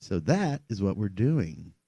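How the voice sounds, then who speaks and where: A man's voice: fairly low pitch, measured pace. A man co-hosting a live podcast, trading jokes and banter in casual chat. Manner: lively, joking banter. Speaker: podcast co-host.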